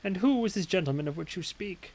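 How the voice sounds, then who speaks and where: Guy doing a proper old lady, a bit guarded, higher voice. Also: lively intonation, fast talker, a little mellow. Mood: prim. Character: prim elderly woman on a bench.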